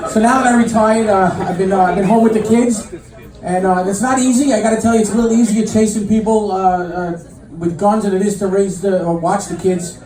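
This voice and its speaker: A middle-aged man doing a stand-up comedy set, telling deadpan stories full of fillers and restarts. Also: high-pitched, a little fast, a faint crowd. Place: comedy club stage with live audience. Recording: echoey club mic heard from a distance. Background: audience laughter and room noise.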